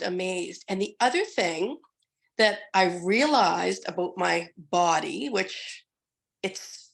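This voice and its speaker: A hoarse, middle-aged woman giving a chatty testimonial on a group call, with frequent restarts. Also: mid-range voice. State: hoarse from being sick.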